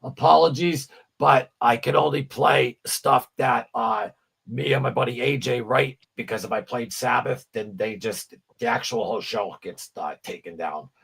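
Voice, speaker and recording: A man's voice: mid-range voice, moderate pace, gravelly, fairly bright tone, breathy edge. A man co-hosting a livestream, chatting casually about music, rambling and stammering, with frequent swearing. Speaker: livestream co-host.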